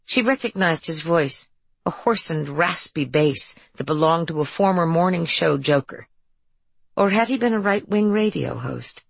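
Low, creaky woman narrating an audiobook. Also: lively intonation, measured pace, dry recording. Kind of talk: scripted narration.

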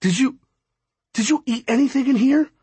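A man's voice: very high-pitched, moderate pace, a little mellow, breathy edge, no room sound, voice pushed up, heavily acted. A man narrating an audiobook, voicing a frightened, kind teenage girl who explains things hesitantly. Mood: worried.

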